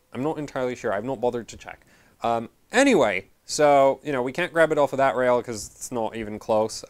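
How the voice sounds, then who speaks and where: Male tech host, mid pitch, loose rambling delivery full of fillers and restarts, dry sarcasm. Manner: rambling, self-correcting, many fillers. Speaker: channel host. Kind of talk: casual technical explainer.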